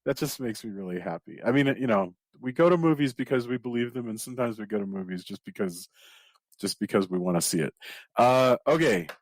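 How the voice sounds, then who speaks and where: A Texan man hosts a relaxed podcast chat, his pitch rising and falling with real animation. He laughs easily and talks over the others. The sound is close and dry. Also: a little fast, no room sound. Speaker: podcast host.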